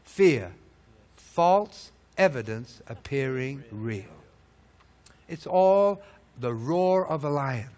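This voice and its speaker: A man preaching a sermon, firing rhetorical questions and swinging from loud peaks to low, hushed lines. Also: animated, drawn-out words. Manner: emphatic, hammering rhetorical questions.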